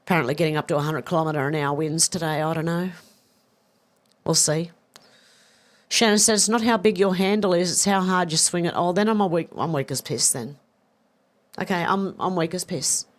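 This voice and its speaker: A woman's voice: fairly low pitch, a little fast. Chatty woman in her fifties. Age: 50s. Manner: chatty, swearing, laughing and confused over a joke. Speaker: livestream host reading chat. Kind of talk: casual live chat.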